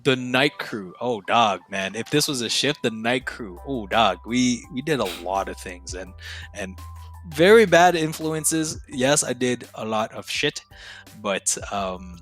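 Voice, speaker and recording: A young man, a podcast guest, telling stories in a casual, slangy, profane and excitable way. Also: medium pitch, unhurried, faint music behind. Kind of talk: casual storytelling.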